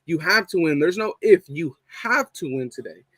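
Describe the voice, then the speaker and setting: A man's voice: a little high, expressive, moderate pace, fairly bright tone, no echo. A young man hosting a casual live fan stream, swearing a lot and repeating his points for emphasis. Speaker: fan show host reading live chat.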